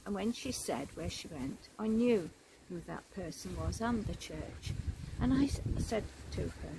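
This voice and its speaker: An older Englishwoman, a church warden telling a personal faith story in a gentle, earnest way. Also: fairly low pitch, expressive, unhurried, gravelly, noisy background. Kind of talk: personal testimony.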